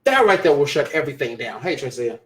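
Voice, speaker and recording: A man's voice: mid-range voice, very animated, fast talker, a bit bright. A man hosting a casual live-stream show, talking emphatically and repeating phrases for stress as he reads viewer comments.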